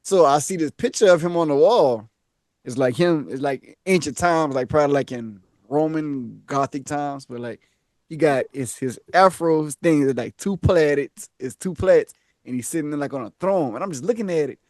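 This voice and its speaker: A man co-hosting a comedy podcast, telling an animated story, laughing often and acting out each character. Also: fairly high pitch, normal speed, no echo, studio quality. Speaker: podcast co-host.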